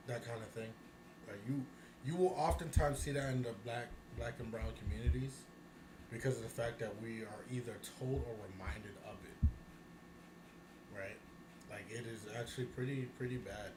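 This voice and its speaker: A man's voice: medium pitch, steady tone, moderate pace, long pauses. A man co-hosting a casual talk show, ranting bluntly with plenty of profanity and bursts of laughter. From United States. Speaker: podcast co-host. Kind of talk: casual chat. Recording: echoey room with noise.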